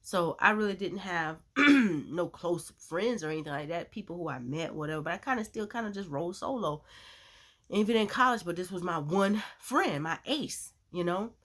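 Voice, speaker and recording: A woman sharing a personal faith testimony as a vlogger, in a chatty, animated storytelling way with lots of "you know.". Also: fairly low pitch, moderate pace. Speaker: Christian vlogger.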